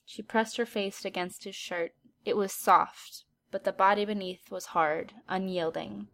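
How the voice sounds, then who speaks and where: A woman narrating a story aloud in an even, steady storytelling manner. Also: medium pitch, measured pace, creaky.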